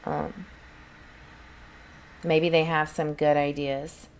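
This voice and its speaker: Chatty woman, low voice. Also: flat delivery, takes it slowly, vocal fry. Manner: rambling, chatty, talks back to viewers' comments. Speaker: channel host. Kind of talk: casual livestream chat with viewers.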